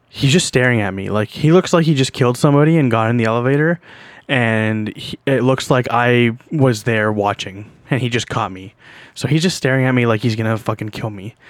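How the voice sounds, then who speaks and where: A man's voice: mid-range voice, dry recording. Young male podcast host, casual storyteller, crude and rambling, dry close sound. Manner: rambling, profane, laughs while telling.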